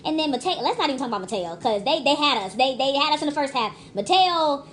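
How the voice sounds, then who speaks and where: A young woman talks through a movie review in a loose, rambling way, stopping and restarting as her thoughts pile up. Her voice sits a little high and she leans hard on her points. A faint hum of room noise sits behind her. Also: lively intonation, fast talker. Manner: chatty, emphatic, many restarts and asides.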